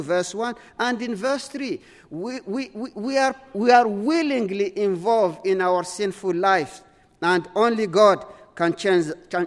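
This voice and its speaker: A man's voice: high-pitched, in a large hall. A man preaching a sermon, earnest, often repeating words and restarting his sentences.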